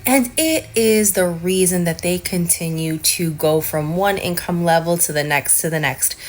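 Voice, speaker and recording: A woman business coach in a playful, teasing promotional talk. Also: lowish voice. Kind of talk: social media promo talk.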